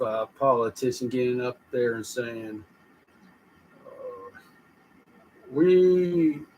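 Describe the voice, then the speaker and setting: A man's voice: mid-range voice, a little hiss or hum, low-quality recording. A man thinking aloud as he drafts rhyming lines, repeating phrases and trying them out with sudden emphatic bursts. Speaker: podcast host writing rhymes. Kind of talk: thinking aloud while writing lyrics.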